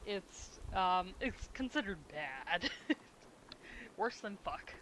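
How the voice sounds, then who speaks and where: A streamer rambles to chat at a slow, easygoing pace while drawing emotes, chuckling between thoughts. The voice is bright and a touch sharp. A faint background noise sits under the talk. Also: mid-range voice, very animated, low-quality recording.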